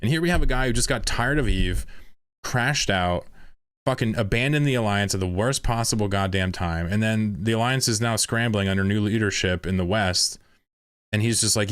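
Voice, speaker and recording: A man's voice: on the low side, normal speed, a bit bright, clean tone, dry recording, clean studio sound. A man commentating casually on a stream, exasperated and swearing as he reads posts aloud.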